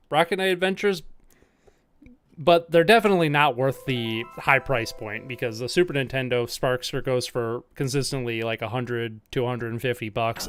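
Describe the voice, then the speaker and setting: Animated man chatting on a game stream. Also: medium pitch, slight background noise. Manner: rambling and animated, frequent "like" fillers, laughs often. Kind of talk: casual live-stream chat while playing. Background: faint game music.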